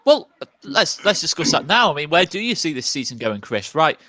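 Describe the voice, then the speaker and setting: A man making his points in a measured, reasoned way on a fan podcast. His voice is a little higher than most men's. The sound is dry and close. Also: very animated, pushed and bright, no echo. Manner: measured, argues point by point with restarts. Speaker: co-host of a fan channel. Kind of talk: post-match fan podcast.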